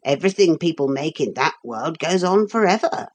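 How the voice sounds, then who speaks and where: A woman voicing a small wooden toy man come to life, who explains things in a calm, matter-of-fact way. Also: low-pitched, normal speed, breathy edge. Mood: patient.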